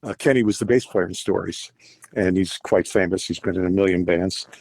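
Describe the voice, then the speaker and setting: A man's voice: low voice, brisk, creaky, husky. Older man telling stories animatedly. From United States. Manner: animated, acts out quoted voices. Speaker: guest musician. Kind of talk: storytelling interview.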